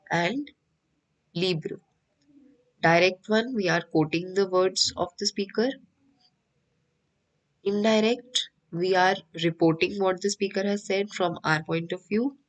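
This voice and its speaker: A woman's voice: mid-range voice, low-quality recording. A woman with an Indian English accent teaching an online French class, patiently repeating each point.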